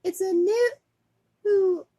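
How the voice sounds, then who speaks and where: A woman putting on squeaky squabbling little boys. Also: takes it slowly, no room sound, studio quality. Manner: high, excited, squeaky. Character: squabbling young boys in a cereal ad.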